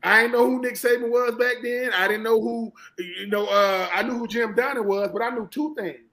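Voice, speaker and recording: A man from Georgia with a Southern American accent, a former college football player talking football as a guest in an animated, emphatic way and often repeating himself. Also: very high-pitched, moderate pace, low-quality recording. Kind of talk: casual sports talk.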